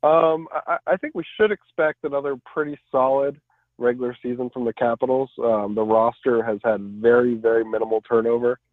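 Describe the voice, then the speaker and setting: A man's voice: medium pitch, steady tone, no echo. Guy calling in to a hockey podcast, thin phone sound, ums a lot. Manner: measured, many ums. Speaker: guest, team blogger. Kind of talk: casual interview. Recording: tinny phone line, dry.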